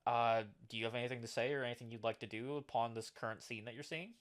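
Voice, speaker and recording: A man's voice: mid-range voice, fairly even intonation, fast talker. A man narrating as game master of a tabletop game, describing scenes with frequent "uh" and "like.".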